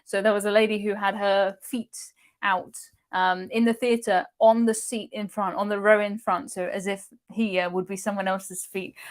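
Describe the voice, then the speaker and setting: A woman hosting a cruise live stream, chatting casually and reading out viewer comments with frequent laughs. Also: mid-range voice. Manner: chatty, laughs often, excitable.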